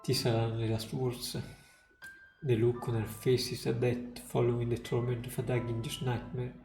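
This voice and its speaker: Gravelly man reading a somber story. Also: medium pitch, little pitch movement, normal speed, mellow. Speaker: streamer. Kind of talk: reading game story text aloud. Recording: roomy room, faint music.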